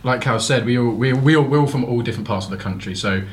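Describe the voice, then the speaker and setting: A man's voice: medium pitch, quick pace. A man from Milton Keynes, a band member who rambles with lots of fillers on a radio show. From Milton Keynes, England. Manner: rambling, lots of "you know". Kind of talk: casual radio interview.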